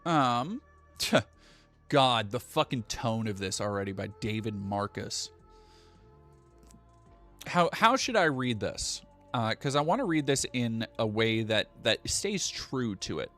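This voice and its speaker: A man from New England talks through a live stream, swearing freely as he rants. His pitch leaps and swoops as he gets worked up. Faint music sits under his voice. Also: animated, slow pace, fairly bright tone. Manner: profane, heated, ranting.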